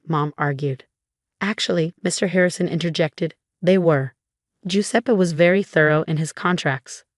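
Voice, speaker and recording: Woman reading a drama story, lowish voice, steady tone, dry close sound. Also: dry recording. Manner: steady storytelling, quoting each character in the same voice. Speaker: narrator. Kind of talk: scripted first-person story narration.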